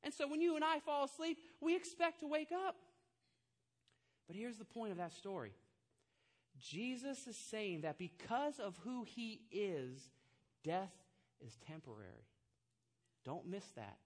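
Man preaching an animated sermon. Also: very high voice, measured pace. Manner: storytelling, acts out quoted voices, builds to loud emphatic climax. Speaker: pastor.

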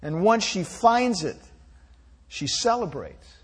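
A male pastor gives a sermon in a high, light voice, speaking slowly and gently. He is reflective, and now and then restarts a phrase before carrying on. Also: very animated, slightly rough.

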